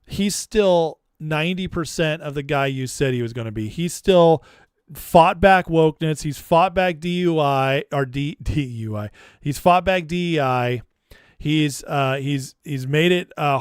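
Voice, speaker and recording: A man's voice: on the high side, smooth, no room sound, studio quality. A man hosting a live political commentary stream, talking casually and mocking the clips he plays with exasperated sarcasm.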